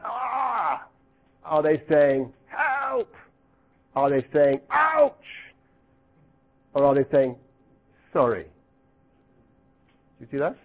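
A middle-aged man teaching the Bible to a live group, lively and questioning, sometimes acting out cries. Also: medium pitch, dull audio. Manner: asks the audience questions, lively, acts out cries.

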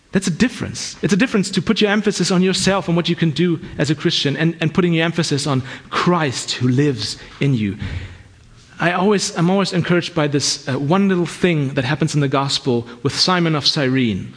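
A man with a fairly high, husky voice delivers a sermon. He talks earnestly and conversationally, often backing up to restart a phrase as he goes. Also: brisk. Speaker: preacher.

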